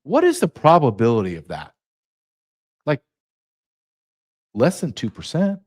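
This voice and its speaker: Sarcastic man with a lively, swooping voice. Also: medium pitch, a little slow. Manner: sarcastic, mocking. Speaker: podcast host. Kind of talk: solo political monologue.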